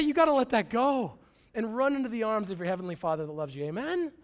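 A man, preaching a conversational sermon as pastor, swinging from quiet asides to excited bursts. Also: high voice, fast talker.

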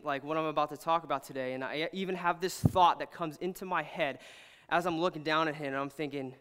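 Bright, clear young pastor in a big hall. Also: male voice, sits high. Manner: earnest, animated, heavy use of "like". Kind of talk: casual storytelling sermon. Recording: long hall reverb.

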